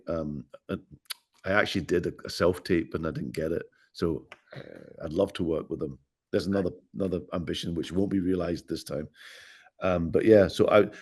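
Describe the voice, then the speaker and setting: A middle-aged man with a Glaswegian Scottish accent, a guest actor chatting in an interview in a playful, joking way. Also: low voice. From Scotland. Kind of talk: casual interview chat.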